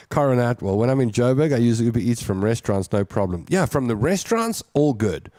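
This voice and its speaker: A man's voice: medium pitch, very animated, a little fast, hardly any pauses, mellow, no echo, studio quality. Chatty man hosting a show. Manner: chatty, reads comments aloud and riffs on them. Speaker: radio show host reading listener comments. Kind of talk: casual chat.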